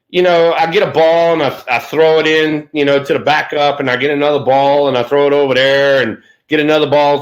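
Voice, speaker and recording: A man's voice: mid-range voice, a bit bright. A man, a former ballplayer co-hosting a casual sports chat and telling laid-back, salty anecdotes. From Louisiana. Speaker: co-host, former baseball player.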